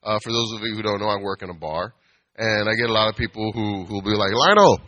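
Bright-voiced man preaching with playful humor. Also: on the low side, quick pace, highs cut off. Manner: animated, asks the audience for amens, acts out bar customers. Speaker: speaker giving a talk.

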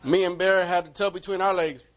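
A man preaching and telling a story to his congregation in an animated way, acting out loud calls. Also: sits high, brisk. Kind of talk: storytelling sermon.

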